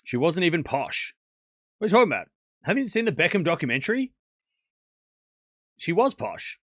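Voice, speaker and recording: Lively, joking male streamer. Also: a little high, brisk, no room sound, studio quality. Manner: chatty, joking, laughs often, argues playfully with chat. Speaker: streamer hosting a tennis watchalong. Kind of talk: casual live play-by-play and chat banter.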